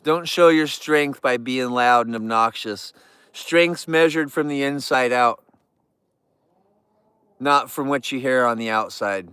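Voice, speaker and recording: A man's voice: mid-range voice, takes it slowly, a bit bright, clean tone, no room sound. A man hosting a casual livestream, chatting and joking in a goofy, youthful-sounding voice. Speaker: livestream host.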